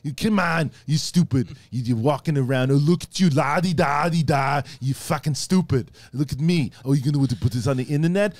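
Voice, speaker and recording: A man's voice: on the high side, fairly quick, few pauses, dry recording, voice pushed up, close to an everyday voice. A man doing an impression of a famous bodybuilder actor screaming and cursing at a film crew in a thick put-on accent. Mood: ranting.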